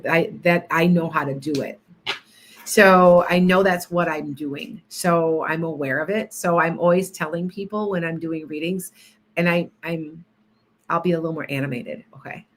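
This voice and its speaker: A woman's voice: lowish voice, a bit bright. A woman hosting a casual livestream as a psychic healer, rambling and chatty as she greets viewers by name between stories.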